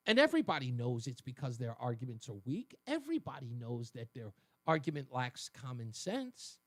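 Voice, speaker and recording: A man hosting a talk radio show, delivering an emphatic, argumentative opinion monologue that swings between loud and low. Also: huge pitch swings, normal speed, dry recording.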